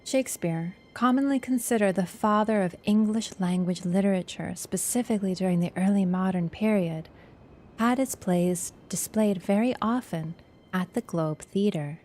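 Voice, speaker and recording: A woman putting on a solemn lore-narrator voice, slow and deliberate, like documentary narration. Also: medium pitch, darkish tone, close to an everyday voice.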